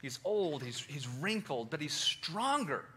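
A man telling a Bible story in first person with theatrical, animated delivery, addressing listeners directly. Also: on the high side, unhurried.

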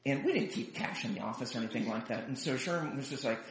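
A man preaching a sermon, telling a story in a chatty, animated way and acting out the people in it. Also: mid-range voice, quick pace. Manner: animated, chatty storyteller who acts out quotes. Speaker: pastor. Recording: roomy echo.

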